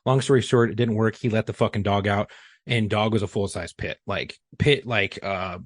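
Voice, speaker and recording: On a studio podcast mic with no echo and clean sound, an ex-police chief spins a meandering anecdote full of swearing and filler words. His lowish voice holds a steady tone at normal speed.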